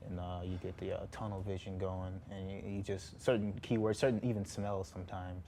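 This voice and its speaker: A young man around twenty talks as a guest on a studio talk show, halting and full of fillers. His voice sits very low, flat and dark, with a faint hum of room ambience behind him. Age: about 20. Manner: hesitant, halting, many fillers and restarts. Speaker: guest, former Marine.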